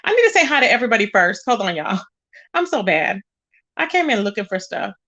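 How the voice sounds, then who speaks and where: A woman's voice: medium pitch, big pitch swings, fairly quick, pushed and bright, highs cut off. A woman hosting a casual livestream, greeting viewers and chatting while she searches her screen. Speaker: livestream host.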